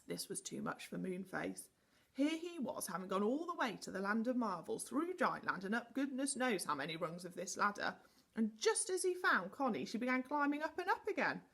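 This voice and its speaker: Animated, breathy woman reading a storybook aloud. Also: medium pitch, moderate pace. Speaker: teacher.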